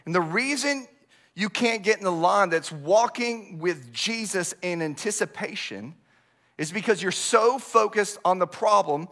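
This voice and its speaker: A young adult male pastor preaching a sermon, telling stories with animated swings from loud outbursts to hushed asides. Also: high voice, measured pace.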